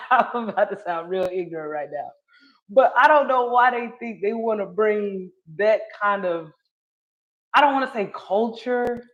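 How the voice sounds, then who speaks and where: A woman's voice: medium pitch, measured pace. Southern woman streamer, chatty and self-correcting, laughs often, slightly muffled lo-fi audio. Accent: Southern US, North Carolina. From Charlotte, North Carolina. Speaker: live-stream commentator. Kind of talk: casual live-stream commentary.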